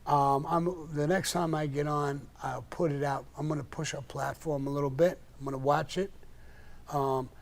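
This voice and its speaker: A slightly high, gravelly voice belongs to an older man running a live stream, where he answers questions with offhand, profane, blunt stories. His tone stays steady and his speed normal.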